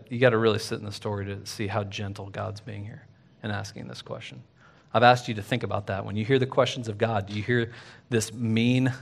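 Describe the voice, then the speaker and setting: A man preaching a sermon as pastor at a church service, with animated, rising emphasis. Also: on the low side, gravelly.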